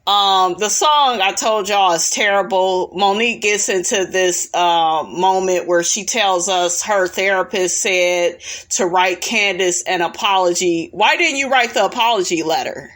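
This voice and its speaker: Brief: mid-pitched woman, blunt and sassy reality TV recapper, profane and talking back. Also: measured pace, fairly bright tone. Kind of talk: casual recap commentary.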